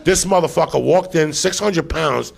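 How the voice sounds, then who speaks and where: A man's voice: on the high side, normal speed, creaky, crowd noise. A man hosting a live podcast, telling a profane comic story with lots of swearing and laughter. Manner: animated, swearing, laughing as he tells. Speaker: podcast host.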